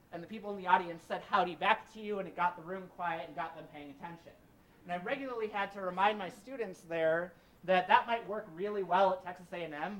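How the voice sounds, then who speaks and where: A man's voice: high-pitched, fairly bright tone, low-quality recording. A man teaching public speaking in a conversational, direct lecture that uses rhetorical questions. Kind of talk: classroom lecture.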